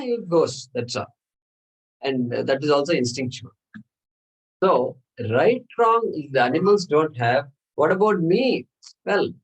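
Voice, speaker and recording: A man's voice: medium pitch, rough recording. A man teaching a scripture class, explaining patiently and repeating phrases, with Sanskrit terms mixed in.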